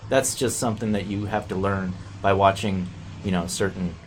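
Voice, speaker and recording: A man's voice: sits low, moderate pace, a little hiss or hum. A man chatting casually as a guest, joking and telling stories. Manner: animated, jokey storyteller. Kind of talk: casual chat.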